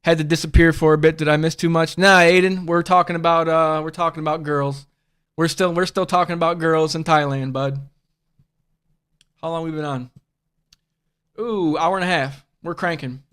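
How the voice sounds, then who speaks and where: A man's voice: a little high, fairly even intonation, normal speed, a bit bright, smooth. A man hosting a casual livestream podcast, rambling bluntly and profanely and calling listeners bud and bro. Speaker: podcast host.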